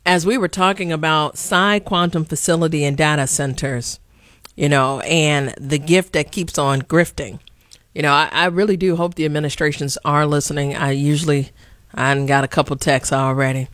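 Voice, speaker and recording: A woman's voice: deep voice, dry recording, studio quality. Fiery woman talk host. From Chicago. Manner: preachy, rising to sharp outbursts, repeats words. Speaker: radio talk show host. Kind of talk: impassioned talk radio commentary.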